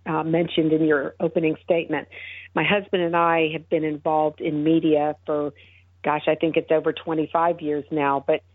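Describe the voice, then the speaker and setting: Middle-aged woman, low husky voice, earnest storytelling, dry phone line. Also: level tone, normal speed, no room sound. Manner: earnest and reflective, with many fillers and restarts. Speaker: guest, founder of an advocacy group. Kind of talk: telling a personal faith story in a radio interview. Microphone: telephone.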